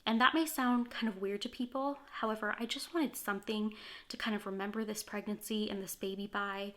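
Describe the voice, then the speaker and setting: A woman's voice: medium pitch, fairly even intonation, a little fast, fairly bright tone. A woman sharing a personal story to camera in a candid, heartfelt way. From California, USA. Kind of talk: earnest first-person testimony to camera.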